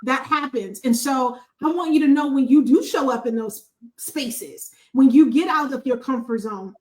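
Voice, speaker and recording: A woman from Buffalo hosting a podcast, sharing a heartfelt testimony in an animated, emphatic way with a preacher-like cadence. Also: high voice, normal speed, poor audio. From Buffalo, New York, USA. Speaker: podcast host.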